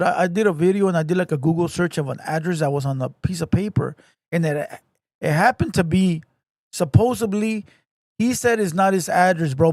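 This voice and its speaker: A man with a notably high speaking voice tells a story on his livestream, loose and profane, full of slang and repeated phrases. His voice sits dry and close, with no room sound around it. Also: no room sound. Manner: profane, slangy, animated retelling; repeats phrases, addresses listener as bro. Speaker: livestream host.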